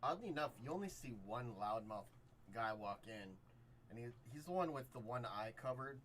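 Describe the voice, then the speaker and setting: A man's voice: mid-range voice, moderate pace. A man narrating a tabletop game as game master, rambling a little with fillers. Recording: steady background noise.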